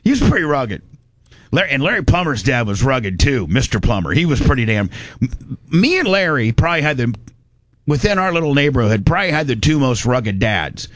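A man's voice: mid-range voice, big pitch swings, brisk, fairly bright tone, no echo. A middle-aged man from Indiana telling a rambling, folksy story in casual podcast chat. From Indiana, USA. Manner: rambling, folksy, with many restarts.

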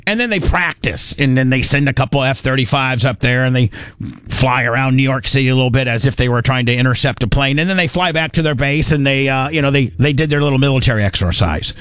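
A man's voice: medium pitch, fast talker, a bit bright, clean tone, dry recording, clean studio sound. A man hosting a podcast, talking in casual commentary that rambles, with many restarts and repeated words, blunt and crude. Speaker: podcast host.

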